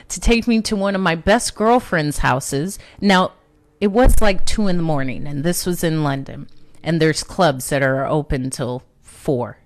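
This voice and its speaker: A woman with a low voice hosts a casual personal storytelling talk, conversational and self-mocking, frequently laughing at herself. There is no room sound.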